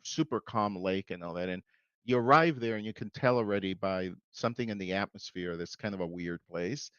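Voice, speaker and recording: A man's voice: low voice, clear, resonant tone, no echo, lo-fi sound. A middle-aged man speaking as a podcast guest in a friendly, chuckling way, often restarting his sentences. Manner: animated, chuckling, halting restarts. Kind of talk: casual podcast conversation.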